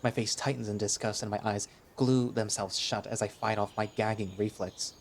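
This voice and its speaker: A man narrating a first-person audio drama in a wry, expressive way. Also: lowish voice, moderate pace, slight background noise. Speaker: narrator and lead voice.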